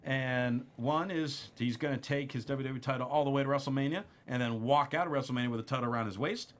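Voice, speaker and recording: A man co-hosting a wrestling after-show, recapping the episode in a lively, laughing chat. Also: medium pitch. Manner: animated, laughs often while recapping. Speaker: co-host.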